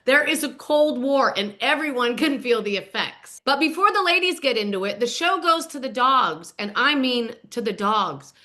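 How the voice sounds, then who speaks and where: A woman hosts a gossipy recap of a reality show and is animated and sarcastic. Her voice is bright and sharp and sits fairly high. She leans hard on each punchline. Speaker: podcast host.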